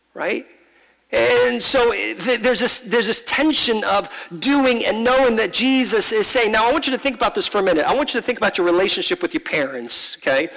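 A man preaching a sermon to a congregation, animated and acting out little scenes in different voices. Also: high-pitched, moderate pace, vocal fry, in a large hall, low-quality recording. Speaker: pastor. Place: large room with a congregation.

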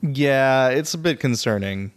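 A man's voice: mid-range voice, lively intonation, a little slow, smooth. A man co-hosting a podcast, adding dry, wry remarks in a casual movie chat. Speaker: podcast co-host.

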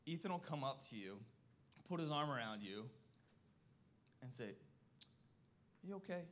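A man in his thirties speaks from a church stage with a folksy, earnest manner and a middle-pitched voice. He keeps checking in with his listeners as he talks. He holds back tears throughout. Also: animated, normal speed, fairly bright tone, slight background noise. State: emotional, close to tears. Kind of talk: personal testimony talk.

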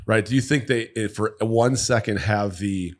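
A man's voice: fairly low pitch, moderate pace. A man co-hosting a podcast, blunt and opinionated, talking in casual chat and often cutting in. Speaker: podcast co-host.

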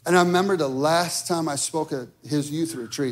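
A man's voice: fairly high pitch, a little fast. A man preaching a sermon, conversational and direct, checking in with the listeners often. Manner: conversational preaching with frequent okay and right. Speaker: pastor.

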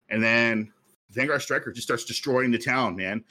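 A man's voice: medium pitch, moderate pace, sharp tone. A man co-hosting a podcast, telling a story at length in casual chat with many fillers. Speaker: podcast co-host.

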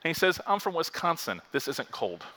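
A pastor from Florida preaching a lively sermon and acting out the quotes he reads. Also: on the high side, brisk, noisy background.

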